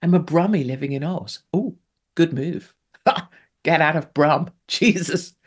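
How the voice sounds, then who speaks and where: Low-pitched, husky and a little mellow, a middle-aged Englishwoman speaks at a measured pace as she hosts live talk radio. Her manner is breezy and gushing, and she reads listener chat aloud with playful asides.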